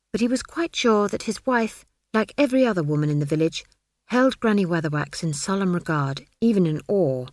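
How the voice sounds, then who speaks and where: A woman narrating an audiobook, measured and dry in her storytelling. Her voice sits lowish, and the recording is close and dead, with no room sound. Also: no echo.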